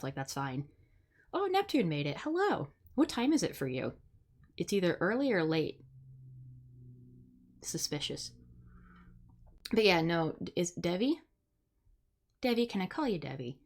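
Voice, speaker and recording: A young woman from the Midwest, hosting a live stream in casual chat, blunt and sarcastic, swearing freely. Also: low voice. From Midwest United States. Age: young adult. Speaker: streamer host.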